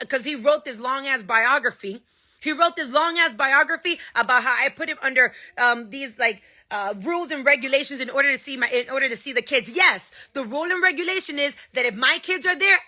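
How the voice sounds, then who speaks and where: A woman's voice: high-pitched, sharp tone. A woman giving a heated personal statement, blunt and profane, hammering her points home and slipping a few Spanish words into her English. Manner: angry, blunt, profane, emphatic. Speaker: singer and TV personality.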